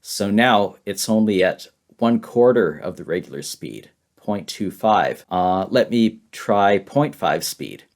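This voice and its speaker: A man with a fairly low voice runs a beginner English lesson over his screen. He repeats simple phrases patiently and laughs lightly now and then. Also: animated, slow, few pauses. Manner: simple words, heavy repetition, light laughs. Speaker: English teacher. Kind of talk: slow, repetitive beginner lesson.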